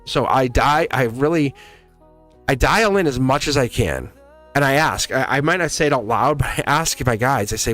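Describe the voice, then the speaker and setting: A man's voice: medium pitch, moderate pace, faint music behind. Chatty man hosting a tarot live stream. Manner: rambling, animated, laughs often. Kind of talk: casual live-stream chat.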